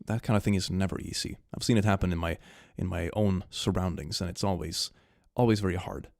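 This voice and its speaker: A young man streaming from home, reading fan memes aloud and reacting in an animated, giggly way that swings between hushed and excited. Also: low-pitched, brisk, vocal fry, no room sound, clean studio sound. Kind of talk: casual livestream chat.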